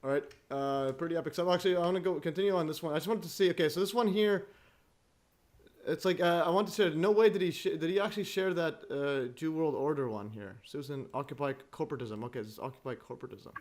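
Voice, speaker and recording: A man hosting a livestream in casual chat, halting and full of restarts, chuckling often as he talks. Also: a little high, a little mellow. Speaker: livestream host.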